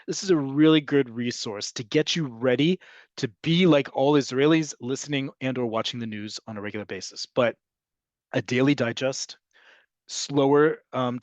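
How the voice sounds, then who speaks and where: A man's voice: medium pitch, no room sound. Male teacher, online class, patient explainer, dry close sound. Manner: explanatory, answers questions, repeats terms slowly. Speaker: Hebrew teacher.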